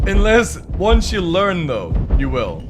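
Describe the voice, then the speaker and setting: A man's voice: high-pitched, wildly swooping pitch, slow, music in the background. An English man streaming a game, chatting to his viewers in a rambling way and swearing freely. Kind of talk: casual live-stream chat.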